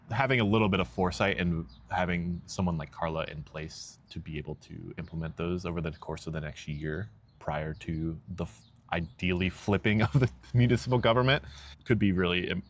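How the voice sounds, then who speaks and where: A man with a very low voice hosts a relaxed podcast chat. He laughs a lot and wanders while hunting for the right word. Faint outdoor noise sits behind him in a park. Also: moderate pace. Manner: laughs often, rambling and searching for words. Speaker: podcast host. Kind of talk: casual interview chat.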